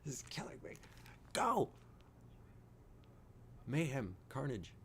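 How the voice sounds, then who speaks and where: A man giving rambling, excitable live reaction commentary, swearing and laughing often. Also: mid-range voice, slow pace, a little hiss or hum. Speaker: reaction streamer.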